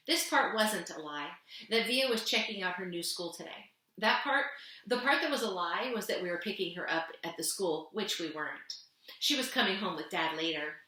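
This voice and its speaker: A woman reading a children's novel aloud, gently narrating and lifting her voice for the characters. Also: animated, normal speed. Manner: gentle storytelling, voicing characters with raised pitch. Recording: echoey room.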